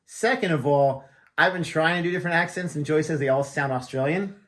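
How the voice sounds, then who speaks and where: A man's voice: a little high, brisk, fairly bright tone. A man from the United States hosting a reaction channel, joking and chatting casually with a friend at that friend's house. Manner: jokey, chatty, laughs often. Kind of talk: casual chat.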